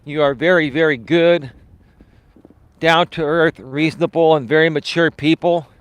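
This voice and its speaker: A man's voice: a little high, fairly even intonation, a little slow, clear, resonant tone, dry recording, lo-fi sound. Earnest motivational male coach, dry sound. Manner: earnest, repetitive, motivational, addresses viewers as folks. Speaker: life coach and live-stream host. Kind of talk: casual live-stream talk while walking. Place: outdoors, walking.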